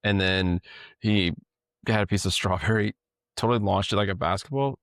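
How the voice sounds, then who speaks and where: A man's voice: on the low side, steady tone, moderate pace, no room sound. A man co-hosting a podcast in casual chat, a rambling storyteller who often laughs. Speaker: podcast co-host.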